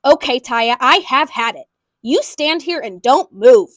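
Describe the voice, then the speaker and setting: A woman's voice: high voice, expressive, fairly bright tone, no echo, clean studio sound, exaggerated voice. Woman playing a stern, fussy father. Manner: scolding, drawn-out warnings.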